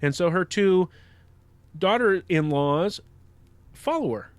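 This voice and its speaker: A man's voice: high voice, lively intonation, slow, clean tone, no room sound. A man hosting a podcast, reflecting on a book in casual commentary with frequent restarts. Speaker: podcast host.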